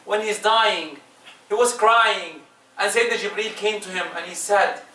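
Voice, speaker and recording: A man delivers a Friday sermon in a strikingly high, bright voice, pushing hard on key words and then dropping low and soft. He sounds like he is in a reverberant prayer hall, picked up from some distance by the mic. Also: normal speed. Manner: emphatic, swinging between loud rises and soft drops. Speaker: preacher. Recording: echoey room, distant mic.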